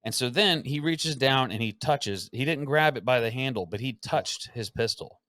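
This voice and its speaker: A man hosting a podcast who tells a story in a casual, animated way, acting out the quotes and swearing freely. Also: mid-range voice, moderate pace, no echo, studio quality. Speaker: podcast host.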